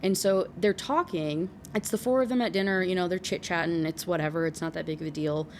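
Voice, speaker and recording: Book reviewer, woman, low voice, animated and exclaiming. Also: a little fast, a little hiss or hum. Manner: animated, exclaiming, lots of fillers. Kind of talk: casual book rant.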